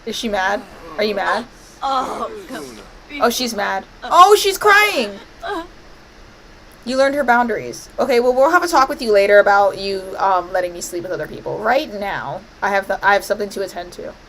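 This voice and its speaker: A woman's voice: mid-range voice, lively intonation, fast talker, a bit bright, a little hiss or hum, low-quality recording. A woman streaming a life-sim game, commenting playfully and bossing her characters around. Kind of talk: live gameplay commentary.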